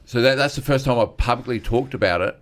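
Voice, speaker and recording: A man's voice: mid-range voice, quick pace. A man, a stand-up comedian telling personal stories in an earnest, rambling way as an interview guest. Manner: earnest, rambling, acts out others' lines. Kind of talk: candid storytelling chat.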